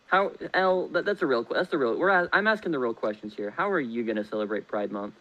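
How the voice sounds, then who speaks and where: A man's voice: mid-range voice, fast talker, fairly bright tone, muffled recording. A man co-hosting a casual livestream, bantering and asking teasing questions. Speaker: co-streamer.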